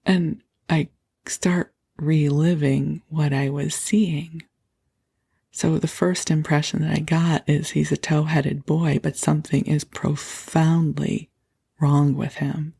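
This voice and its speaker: Low, gravelly-edged woman, slow and gentle, bedtime storyteller who often drops to a whisper. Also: flat delivery. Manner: gentle and breathy, laughs softly, slips into whispers. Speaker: podcast host.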